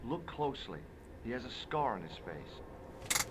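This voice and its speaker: An actor playing a self-assured young American adventurer in an adventure game, making dry wisecracks. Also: male voice, mid-range voice, very animated, a little slow. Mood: wry. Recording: noisy captured game audio.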